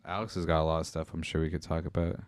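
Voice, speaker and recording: A male podcast host with a very low voice, recorded dry and close with almost no room sound. He talks loosely at home, trailing off mid-sentence and laughing often. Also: flat delivery, racing, clear, resonant tone, no room sound. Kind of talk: casual chat.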